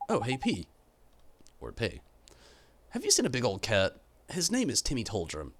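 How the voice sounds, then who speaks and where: A man's voice: medium pitch, huge pitch swings, normal speed, noisy background. A man voicing an earnest young boy who asks eager questions.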